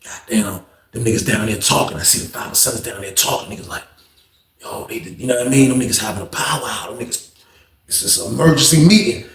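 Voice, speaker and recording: A man telling a story in an animated, slang-heavy, repetitive way. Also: medium pitch, a little fast, echoey room. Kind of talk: casual storytime.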